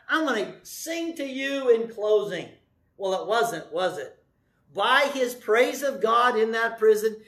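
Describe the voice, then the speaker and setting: A male pastor preaching a sermon in a lively, conversational way, with joking asides and scripture quotes acted out with big swings in loudness. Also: sits high.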